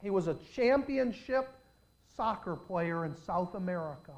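A man's voice: sits high, expressive, a little slow, rough recording. An older man preaching a sermon, telling dramatic stories and putting questions straight to his congregation.

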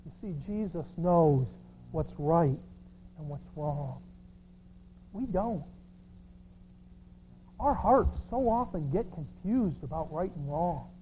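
A pastor preaching a sermon, sarcastic, swinging from shouts to quiet asides. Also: mid-range voice, lively intonation, slow, pauses often, a little hiss or hum, poor audio. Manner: sarcastic, swinging between shouts and near-whispers.

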